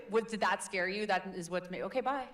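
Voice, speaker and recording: A woman coaching public speaking in a live workshop, energetic and playful, demonstrating different voices. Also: medium pitch, fairly quick. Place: workshop room with audience.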